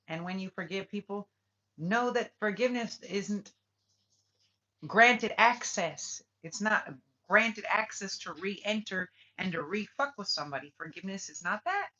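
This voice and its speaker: Spiritual reading vlogger: blunt, profane and heated, with a forceful edge and a dull lo-fi sound. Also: medium pitch. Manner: repeats questions in heated bursts. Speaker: spiritual tarot reader. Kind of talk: casual spiritual reading vlog.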